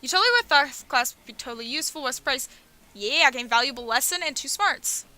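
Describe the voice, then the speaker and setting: Bright-voiced young woman streamer reading a game. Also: high voice, fast talker. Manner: playful, reads character lines in her own voice, laughs and swears. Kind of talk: reading a dating game aloud with commentary.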